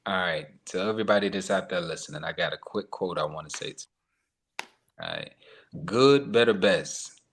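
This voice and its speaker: A man's voice: sits low, brisk, vocal fry, fairly bright tone, slight background noise. A man speaking as a guest on a live-streamed interview, talking earnestly with plenty of "um" and "you know" fillers.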